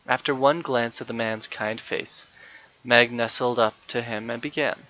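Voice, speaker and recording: Man reading a children's story, bright and dry. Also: medium pitch, fairly even intonation, unhurried, no echo. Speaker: narrator. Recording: dull, lo-fi dry recording.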